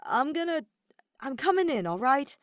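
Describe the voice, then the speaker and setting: A woman's voice: medium pitch, big pitch swings, a little slow, darkish tone, dry recording, studio quality. A woman voicing a flippant, teasing young gambler in a fan audio story, with light and theatrical delivery. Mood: worried.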